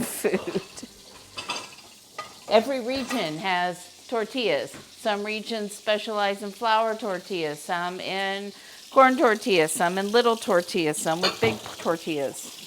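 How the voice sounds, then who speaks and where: A woman's voice: medium pitch, a little slow, noisy background. A woman chatting casually while she cooks on a live stream, explaining as she goes and laughing often. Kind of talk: casual cooking stream chat.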